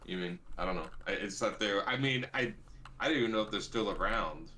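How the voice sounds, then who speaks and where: A man with a low, forceful voice chats casually on a show. He rambles from one recollection to the next, telling stories as he remembers them. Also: brisk, slight background noise. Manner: rambling, reminiscing storyteller. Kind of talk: casual chat.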